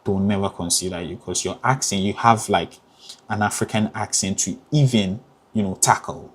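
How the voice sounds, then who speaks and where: A man's voice: fairly low pitch, moderate pace. A young man from Ghana with a Ghanaian accent, a theatre graduate student giving casual advice in a chatty, emphatic way, full of "you know" fillers.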